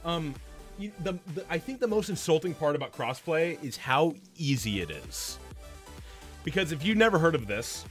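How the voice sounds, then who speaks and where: A man streaming a game, chatting casually and rambling through animated stories with lots of restarts. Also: a little high, moderate pace, soft background music. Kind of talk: casual chat while gaming.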